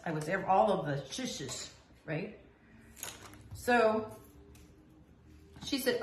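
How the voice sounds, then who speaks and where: A middle-aged woman, a recovery vlogger, candidly tells her own recovery story in a mid-range voice, speaking slowly with long pauses. Animated, she acts out the people she quotes in dialogue. The recording is reverberant with a little hiss or hum.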